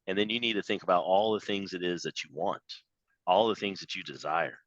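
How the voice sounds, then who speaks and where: A man giving a motivational sales training talk over a video call, emphatic and animated, acting out quoted voices. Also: low voice, fast talker, dry recording, lo-fi sound. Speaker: business trainer.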